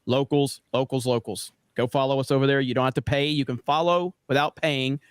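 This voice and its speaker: A man's voice: mid-range voice, steady tone, fairly quick, clean tone, no room sound, studio quality. A man co-hosting a live stream, rambling casually and plugging sponsors with jokes. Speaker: co-host.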